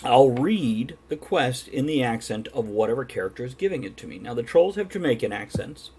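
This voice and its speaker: A man's voice: mid-range voice, animated, a little fast, a little mellow, slight background noise. A man hosting a casual pub-style chat show, joking crudely and laughing often. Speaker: podcast host.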